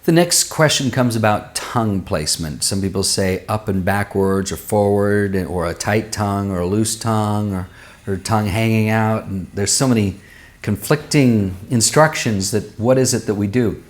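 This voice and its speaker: A man working as a vocal coach, answering viewers' singing questions and demonstrating vowels and pitches with his own voice. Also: normal speed. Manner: explanatory, uses everyday comparisons.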